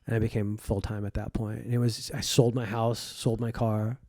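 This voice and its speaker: A man's voice: lowish voice, level tone, moderate pace, dark tone, no echo, studio quality. A comedian in his forties who grew up in Egypt, telling stories in a casual podcast conversation, acting out quoted voices and swearing freely. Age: 40s. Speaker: comedian guest.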